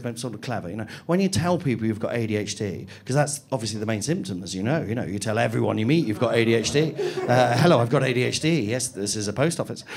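A man's voice: medium pitch, background noise. A man from Nottingham doing a stand-up set, chatty and self-mocking, often laughing through his lines. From England (Nottingham). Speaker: stand-up comedian. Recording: live venue with audience laughter.

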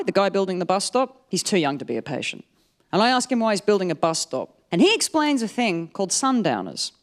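Animated woman storyteller. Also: mid-range voice. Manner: animated, wry, comic timing. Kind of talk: live storytelling performance.

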